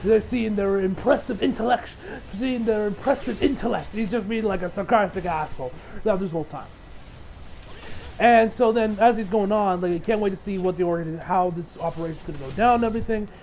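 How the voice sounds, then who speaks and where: A man's voice: sits high, fast, darkish tone, a little hiss or hum, rough recording. A man recapping an anime episode as a reviewer, in a loose, rambling way that swears freely and acts out the lines of the characters.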